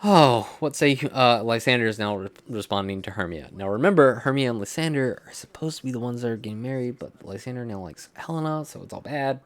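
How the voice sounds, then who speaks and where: A man casually commenting while playing a game, rambling and swearing, clearing his throat often. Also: mid-range voice, quick pace, hardly any pauses, no echo. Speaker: streamer.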